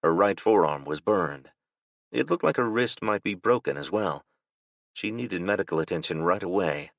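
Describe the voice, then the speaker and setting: Deep-voiced male audiobook narrator. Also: vocal fry, no room sound. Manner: steady, measured. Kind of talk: scripted narration. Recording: dull, dry lo-fi recording.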